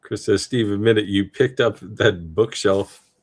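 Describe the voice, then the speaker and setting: Guy co-hosting a livestream, lowish voice, animated, laughs a lot, goes on explaining stuff. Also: a little slow. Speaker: livestream co-host. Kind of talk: casual livestream chat.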